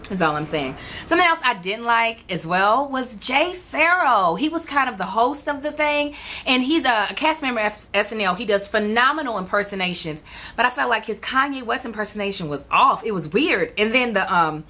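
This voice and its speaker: Female vlog host, sassy and animated, bright forceful tone, slightly high. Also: moderate pace. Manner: sassy, animated, talks straight to viewers. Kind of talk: casual opinion vlog.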